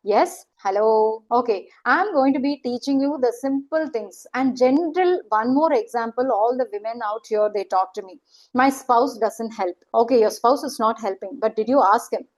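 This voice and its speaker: High-voiced woman coaching. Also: moderate pace, few pauses, poor audio. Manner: earnest, questioning, coaxing; acts out quoted voices. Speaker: life coach. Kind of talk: online motivational talk.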